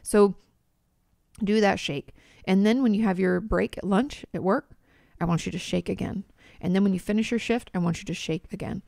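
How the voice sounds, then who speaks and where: A woman's voice: mid-range voice, moderate pace, creaky, a little mellow, dry recording, studio quality. A woman in her thirties hosting an advice podcast as a therapist, direct and reassuring, with some casual swearing. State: a bit shaky from shaking her body while talking.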